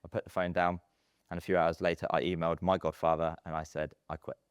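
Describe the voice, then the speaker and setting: A man in his thirties, telling stories in a casual podcast interview, chatty and animated with plenty of fillers. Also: low voice, fast talker, clean tone, no room sound, studio quality. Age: 30s. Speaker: podcast guest, estate agency businessman.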